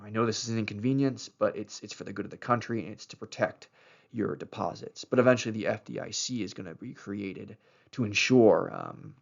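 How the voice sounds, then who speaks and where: Gravelly low-voiced man lecturing. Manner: loose, many fillers, explains as he goes. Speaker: history lecturer. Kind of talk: recorded lecture over slides. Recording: dull lo-fi lecture recording.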